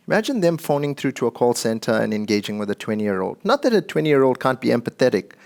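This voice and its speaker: Man giving a chatty tech talk. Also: medium pitch. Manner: conversational and joking, addressing the audience. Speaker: conference speaker.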